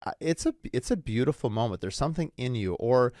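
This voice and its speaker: A man's voice: mid-range voice, a little fast, no echo, studio quality. A man hosting a podcast interview, chatting casually and telling rambling, reflective stories. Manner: rambling, reflective, animated storytelling. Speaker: podcast host.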